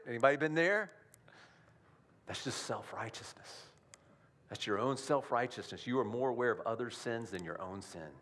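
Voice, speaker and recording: A man's voice: lowish voice, a bit bright. A male pastor giving a sermon in a conversational style, often checking in with the congregation through rhetorical questions.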